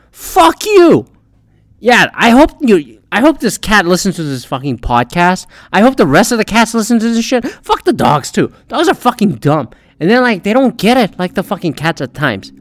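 A young adult man hosting a podcast, ranting in a rambling, profane, animated way. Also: high voice, no room sound. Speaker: podcast host. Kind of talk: profane solo rant.

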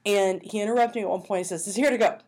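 Woman co-host, chatty storyteller, mid-pitched, voices both sides of the exchange. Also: very fast. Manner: animated storytelling, acting out both sides of a dialogue. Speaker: podcast co-host telling a story. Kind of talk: casual chat.

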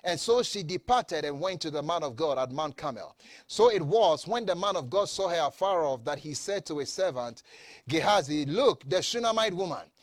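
A man's voice: on the high side, big pitch swings, moderate pace, dry recording, studio quality. A man preaching a sermon with emphasis, repeating phrases, leading the congregation in call-and-response, and often stammering over restarts.

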